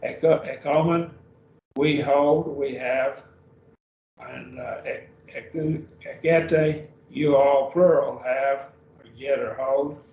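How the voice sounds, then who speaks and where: A man teaching a Greek grammar class at a slow, patient pace, repeating each word form as he goes. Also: mid-range voice, steady tone. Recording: lo-fi roomy recording from a distance.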